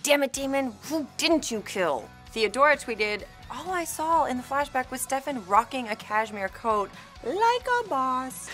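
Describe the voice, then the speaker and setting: A woman's voice: high-pitched, lively intonation, measured pace, hardly any pauses, a bit bright, faint music behind. A woman hosting a casual TV recap, speaking in a bubbly, sarcastic way. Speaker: host.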